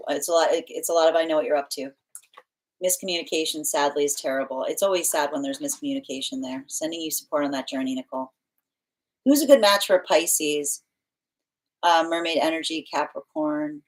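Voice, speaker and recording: A woman with a somewhat low voice answers her viewers' questions on a live stream as a tarot reader. She talks casually and chattily, with plenty of fillers and quick restarts, and laughs often. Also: rough recording.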